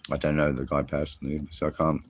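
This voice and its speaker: This travel vlogger has a rumbling low, monotone voice and talks fast, rambling through a casual livestream while eating breakfast with his mouth full. The camera sits in front of him on a Southeast Asian road, picking up noisy insects and traffic.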